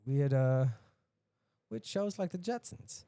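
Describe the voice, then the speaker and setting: A podcast host, a man, ranting casually and profanely, dropping to mutters and then bursting out loud. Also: a little high, animated, a little slow, clean tone, no room sound. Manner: profane, ranting, swings between mutters and outbursts.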